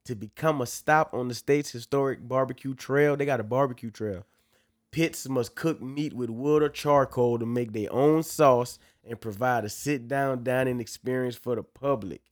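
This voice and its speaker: A man's voice: mid-range voice, normal speed, no room sound, studio quality. A man with a Louisiana accent hosting a casual podcast, joking and slangy. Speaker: podcast host.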